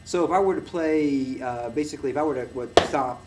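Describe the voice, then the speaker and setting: A man's voice: medium pitch, brisk. A man teaching a music lesson in a loose, rambling way, with many fillers and restarts as he claps and plays to demonstrate. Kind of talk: casual recorded lecture. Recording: noisy room, mic far from the speaker.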